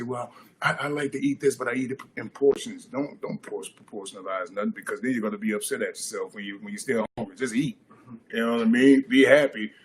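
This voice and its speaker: A man's voice: medium pitch, a little hiss or hum. A man, a football player, chatting casually on a podcast, acting out quotes as he tells stories. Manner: animated storyteller, acts out quotes.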